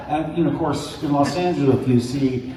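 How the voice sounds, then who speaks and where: A man speaking as a guest on a convention panel, telling stories in an animated way, acting out voices and laughing often. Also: on the high side. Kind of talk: anecdotal storytelling to an audience. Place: large convention hall. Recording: echoey hall from far off.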